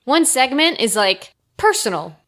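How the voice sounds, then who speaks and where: A woman's voice: high voice, big pitch swings, measured pace, a bit bright. A woman from Canada co-hosting a podcast, chatty and giggly in casual talk. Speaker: podcast co-host. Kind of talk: casual chat.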